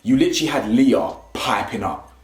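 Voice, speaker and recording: A man giving casual, opinionated commentary on a reality show, animated and mocking, often asking "yeah?". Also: mid-range voice, a little fast, faint music behind. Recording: echoey room.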